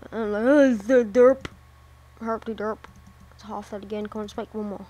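A woman's voice: medium pitch, fairly even intonation, moderate pace, dark tone. A woman giving casual let's-play commentary, muttering to herself and swearing often as she plays. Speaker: gameplay commentator.

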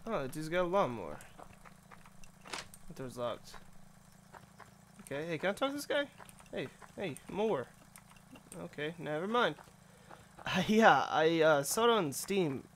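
A man's voice: on the high side, a bit bright, a little hiss or hum. Let's play host, man, rambling and profane, easy laughter. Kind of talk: casual gameplay commentary.

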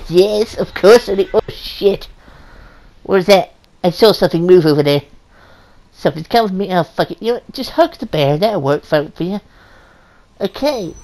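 A woman's voice: lowish voice, lively intonation, moderate pace, pauses often, darkish tone. A woman co-playing a story game, crude and teasing, laughing and swearing as she talks. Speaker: co-player voicing a ghost companion. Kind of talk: profane casual gameplay chat.

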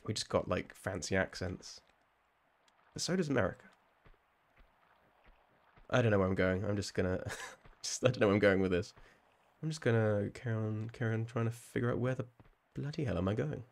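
Rambling southern English man, low voice. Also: steady tone, fairly quick, vocal fry. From southern England. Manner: rambling, laughs often, chats with viewers. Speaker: live-stream gamer. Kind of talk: casual live-stream chat while playing.

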